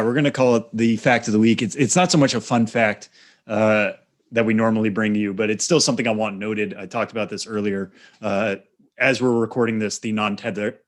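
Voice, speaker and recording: A man co-hosting a podcast, explaining in a measured way with lots of fillers, on a studio microphone. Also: fairly low pitch. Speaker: podcast co-host. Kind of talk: casual podcast chat.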